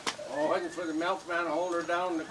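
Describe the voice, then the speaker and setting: A man telling a long joke at a family birthday party in a folksy, steady storytelling way. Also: fairly high pitch, fairly quick. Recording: distant home camcorder, noisy room.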